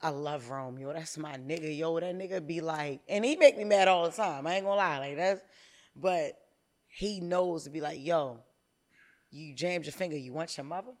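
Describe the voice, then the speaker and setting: A woman in her thirties, a comedian guest on a podcast, telling candid stories in an animated, profane way. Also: low voice, normal speed.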